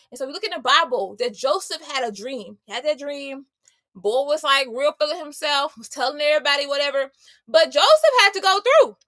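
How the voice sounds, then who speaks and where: Woman host, high bright voice, punchy slangy motivational faith talk to camera. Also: no echo, studio quality. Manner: emphatic, conversational and slangy, addressing listeners directly. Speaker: homemaker, entrepreneur and mother.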